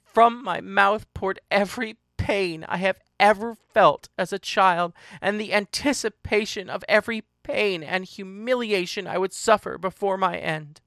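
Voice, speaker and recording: A narrator reading a first-person story aloud in a slow, emotional, deliberate way. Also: mid-range voice, a bit bright, no echo, studio quality.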